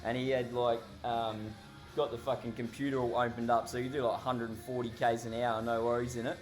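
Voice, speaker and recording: A man's voice: mid-range voice, level tone, brisk, faint music behind. Foul-mouthed Australian man spinning a yarn. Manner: heavily profane, rambling, laughs while telling. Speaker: storyteller. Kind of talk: casual anecdote telling.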